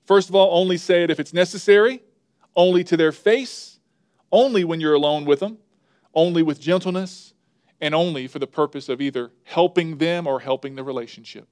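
A male pastor delivers a sermon in a somewhat high voice, recorded dry and close. He talks emphatically, repeating key words and counting through his points one by one. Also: brisk, a little mellow, no echo.

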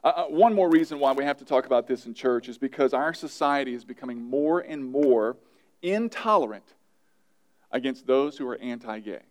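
A man's voice: medium pitch, moderate pace. A male pastor, around his thirties, preaching an emphatic sermon and repeating his key phrases.

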